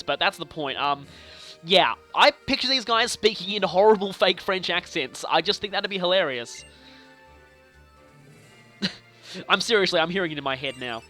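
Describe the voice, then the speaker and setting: A young man casually commenting on his video game play, chatty and playful with animated reactions. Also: high-pitched. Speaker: let's play host. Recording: faint game music behind.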